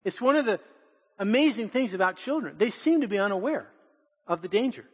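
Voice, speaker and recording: An older man, a pastor, telling family stories in a lively sermon, acting out quotes and laughing often. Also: high voice, fairly quick, slightly rough, big-room sound. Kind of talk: storytelling sermon. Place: church in Portland.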